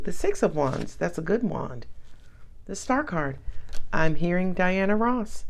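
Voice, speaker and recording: A woman's voice: on the low side, big pitch swings, unhurried. A woman giving a casual tarot reading, chatty and sassy, with frequent laughs. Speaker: tarot reader.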